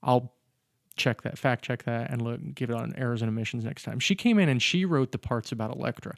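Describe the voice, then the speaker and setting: A man's voice: medium pitch, fairly quick, gravelly, dry recording, clean studio sound. A man co-hosting a casual podcast about films, rambling and correcting himself as he jokes through the plot. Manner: rambling, self-correcting, joking. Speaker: podcast co-host. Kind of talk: casual film discussion.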